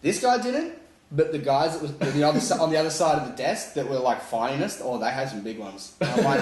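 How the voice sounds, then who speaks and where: Brief: Australian guest, quick animated storyteller, echoey room, crowd noise behind. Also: male voice, fairly high pitch. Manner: fast, animated anecdote telling. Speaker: podcast guest. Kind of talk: casual chat.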